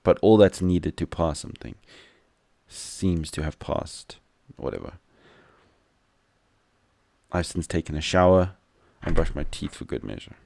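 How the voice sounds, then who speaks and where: A man reads a visual novel aloud and breaks off into wry, joking asides. His voice is low with a gravelly fry. He sits close to the mic in a dry room. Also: expressive, measured pace, long pauses, darkish tone, no echo. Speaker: gameplay commentator.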